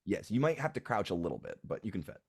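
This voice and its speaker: Deep-voiced, hesitant game master. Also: male voice, very animated, fast talker, creaky, darkish tone, husky, no room sound, studio quality. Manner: hesitant, full of ums and uhs. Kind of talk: narrating a tabletop game.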